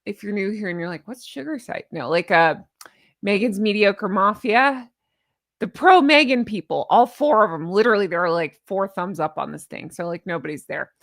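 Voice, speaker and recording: A woman's voice: medium pitch, moderate pace, fairly bright tone, no room sound, studio quality. A woman hosting a commentary channel, talking in a sarcastic, exasperated, mocking way.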